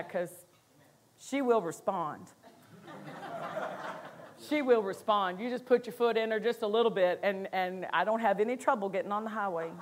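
A woman's voice: mid-range voice, a little hiss or hum. A woman pastor preaching a sermon in a conversational way, acting out quotes and laughing between points.

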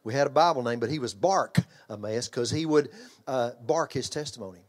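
The older man's mid-range voice runs a bit fast during his sermon. As a pastor and children's ministry trainer, he preaches in an emphatic, conversational style marked by repeated phrases, restarts, and questions for the congregation.

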